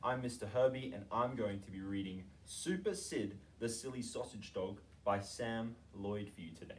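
A male teacher reading a children's picture book aloud with animated, expressive storytelling. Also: on the low side, normal speed, recorded from a distance, slight background noise.

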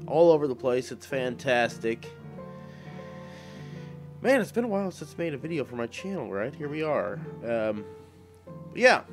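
Gamer guy rambling over his playthrough, joking at himself, lively up and down voice. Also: on the high side. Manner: rambling, self-deprecating, joking asides. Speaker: gaming YouTuber. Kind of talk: casual game commentary.

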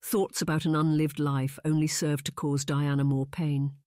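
A measured audiobook narrator telling a romance story in a steady, mid-range voice. The sound is close and dry, with no room around it. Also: mid-range voice, no room sound. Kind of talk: scripted narration.

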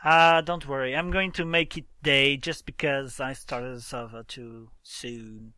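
A man's voice: medium pitch, steady tone, a little slow, pushed and bright, dry recording, clean studio sound. A man hosting a casual let's-play, explaining game mechanics and exclaiming in exasperation as he plays with a friend. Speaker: gaming channel host.

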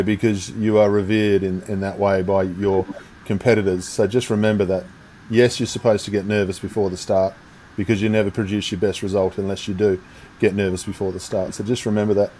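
Australian male host, fairly low voice. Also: warm tone, slight background noise, low-quality recording. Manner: jokey and encouraging. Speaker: interview host. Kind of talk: casual interview chat.

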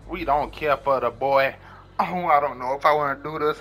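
A man's voice: medium pitch, fairly even intonation, normal speed, fairly bright tone. A man doing playful, theatrical commentary over a video game from his small bedroom. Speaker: gaming commentator. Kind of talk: let's play commentary.

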